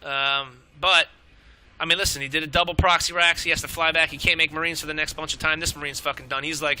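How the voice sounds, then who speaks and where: A young man commentating a strategy game match, excitable and out of breath, swearing and rambling as he calls the play. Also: on the high side, fast talker, slight background noise.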